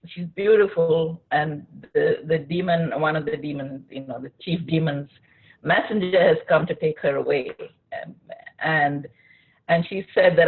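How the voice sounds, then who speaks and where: Thoughtful woman interviewer, husky voice, phone-quality line. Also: sits low, unhurried. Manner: thoughtful, searching, with frequent restarts. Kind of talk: reflective conversation.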